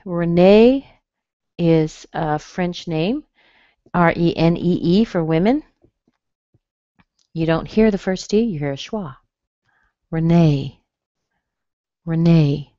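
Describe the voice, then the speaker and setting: Lady teaching pronunciation online, real slow, says every word again, kinda lowish voice. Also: darkish tone, dry recording, highs cut off. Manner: slow, careful, repeats words for practice. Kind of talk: online class. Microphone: computer mic on a webinar.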